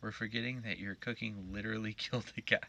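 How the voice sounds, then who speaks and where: A man's voice: lowish voice, flat delivery, a little fast, sharp tone, slight background noise. A man streaming a game live, reading its text aloud in a joking, playful way.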